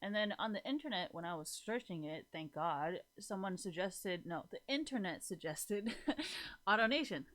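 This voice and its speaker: A woman's voice: medium pitch, animated, moderate pace, a bit bright. A woman in her twenties ranting casually to her viewers, profane and rambling, with "like" in nearly every sentence. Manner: profane, rambling, says "like" constantly. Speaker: vlogger.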